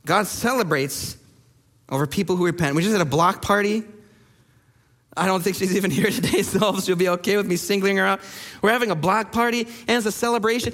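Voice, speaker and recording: A man who pastors a church, preaching a sermon and telling stories with lively acted-out quotes. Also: high voice, brisk, big-room sound. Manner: animated storyteller acting out quoted people. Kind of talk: sermon storytelling.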